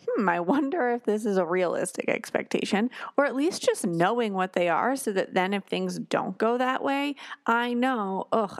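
A woman with a mid-range voice, heard in a dry recording, hosts a parenting podcast solo. Her casual talk is warm storytelling, and she acts out quoted lines with sighs and exclamations.

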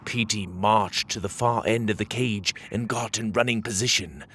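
A man narrating a children's storybook in an animated, expressive way. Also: on the low side, moderate pace, husky.

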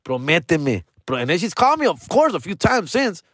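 A man's voice: high-pitched, big pitch swings, fast, fairly bright tone, husky, no room sound. A man talking casually to camera from his room, slangy and profane, calling his listener "dog" and "fool" and dropping into Spanish mid-sentence. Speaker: vlogger. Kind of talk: casual personal monologue.

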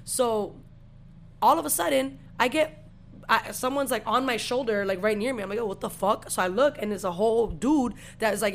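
A woman's voice: on the high side, moderate pace, slight background noise. A young woman in her twenties, co-hosting a podcast, telling a story in casual, profane slang. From Puerto Rican family. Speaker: podcast co-host.

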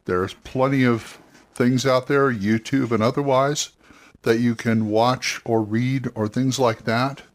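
A man's voice: mid-range voice, steady tone, slow pace. A man hosting a talk show about roleplaying games, speaking in a casual, rambling monologue that often corrects itself and encourages listeners. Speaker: podcast host giving roleplaying game advice.

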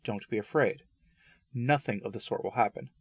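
A man doing a calm mysterious stranger. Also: medium pitch, normal speed, husky, no echo, clean studio sound. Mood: reassuring. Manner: soft, steady, reassuring. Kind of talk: read-aloud dialogue.

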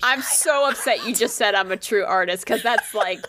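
A woman's voice: medium pitch, moderate pace, a bit bright. A woman from Connecticut in casual chat, reacting expressively.

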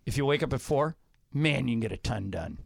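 A man's voice: medium pitch, expressive, brisk, gravelly, no echo, clean studio sound. A man co-hosting a sports radio show, telling stories in a chatty, casual way. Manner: storytelling, chatty. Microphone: studio mic.

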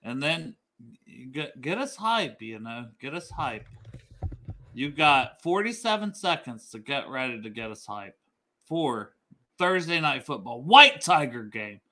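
A man hosting a casual sports talk show, bantering and encouraging his co-host in a relaxed way. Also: mid-range voice, unhurried. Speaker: podcast host.

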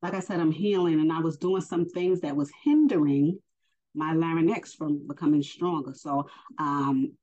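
A woman giving a casual spoken religious lesson, unhurried and hesitant with many fillers. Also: sits low, steady tone, a little mellow. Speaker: faith teacher. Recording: dull lo-fi recording.

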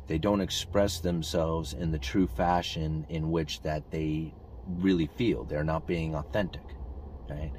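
A man's voice: low-pitched, darkish tone, a little hiss or hum. A man hosting a podcast, talking through his thoughts in a rambling, reflective monologue full of restarts and "you know.". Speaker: podcast host. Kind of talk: casual monologue.

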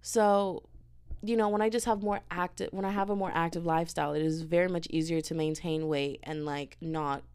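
A young woman hosting a podcast, chatting in an animated, candid way and calling her listeners girl and y'all. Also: fairly low pitch, fairly quick, clean tone. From family from Dominica, lives in Houston. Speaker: podcast host. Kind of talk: casual personal chat.

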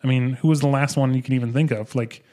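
A young man hosting a podcast, chatting casually and excitedly about an album, swearing and restarting his sentences. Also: medium pitch, fast. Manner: excitable, profane, rambling with restarts. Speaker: podcast host. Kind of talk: casual music review chat.

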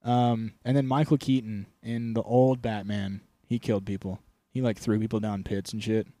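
A man co-hosting a casual comedy podcast, joking crudely and slipping into gruff low voices for the bits. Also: level tone, moderate pace, dark tone, no room sound. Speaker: podcast co-host.

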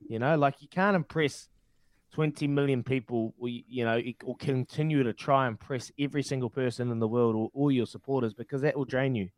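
A man's voice: medium pitch, a little fast, no echo. A man co-hosting a casual sports chat, speaking reflectively and repeating himself as he searches for words. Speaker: co-host.

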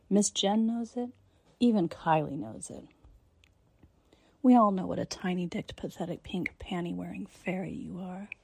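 A woman performing a scripted dominant role-play monologue in a commanding, taunting manner, often dropping into breathy whispers. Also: medium pitch, darkish tone, no room sound. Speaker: narrator.

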